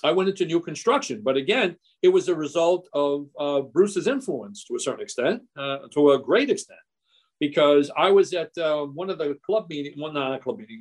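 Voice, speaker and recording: Brief: man in his sixties, guest investor, lively storyteller with restarts, voice on the higher side. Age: 60s. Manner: animated, quick anecdotes with many restarts. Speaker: real estate investor guest. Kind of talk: storytelling in a podcast interview.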